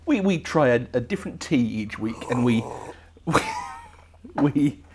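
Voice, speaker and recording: A man's voice: mid-range voice, lively intonation, measured pace, background noise. A man co-hosting a casual podcast, chatty and often restarting his sentences. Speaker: podcast co-host. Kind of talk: casual chat.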